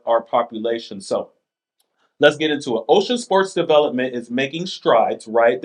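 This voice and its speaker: A man hosting a casual chat, reading items aloud with playful asides and laughs. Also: on the high side. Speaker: podcast host.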